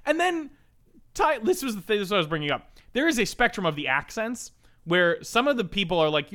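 Male podcast co-host, somewhat high and bright, emphatic, casually profane. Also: animated, quick pace. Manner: emphatic, swears, laughs easily. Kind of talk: casual chat reviewing a film.

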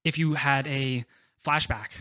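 A man co-hosting a recovery workshop talk, explaining in a relaxed way, full of "like" and run-on examples. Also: medium pitch, no room sound, clean studio sound. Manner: relaxed, drawn-out explanations with many "like" fillers. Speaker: podcast co-host.

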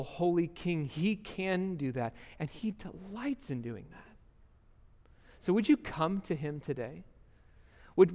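Earnest young preacher in a reverberant hall. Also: male voice, on the high side. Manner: earnest, conversational preaching with restarts and rhetorical questions. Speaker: pastor. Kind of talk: sermon. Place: church sanctuary.

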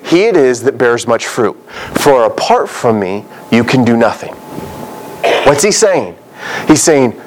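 A man preaching a sermon as a pastor, animated, with frequent rhetorical questions. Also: medium pitch, normal speed, slight background noise, rough recording.

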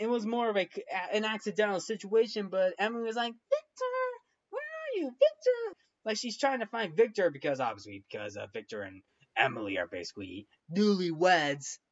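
A man's voice: high-pitched, muffled recording. A man hosting a film review show, recapping the story in a casual, rambling way with many restarts and fillers.

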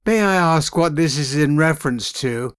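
A man's voice: fairly high pitch, lively intonation, normal speed, smooth, dry recording, clean studio sound, close to an everyday voice. A man doing a businesslike police sergeant.

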